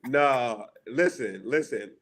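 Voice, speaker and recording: Laid-back young man, lively pitch. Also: slow. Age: young adult. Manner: laid-back, slang-heavy talk. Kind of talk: casual chat.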